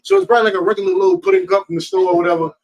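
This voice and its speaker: A man with a New Jersey Black American accent, teaching scripture in a colloquial, animated storytelling way. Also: sits high, very fast, vocal fry, rough recording. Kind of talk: street preaching and scripture teaching.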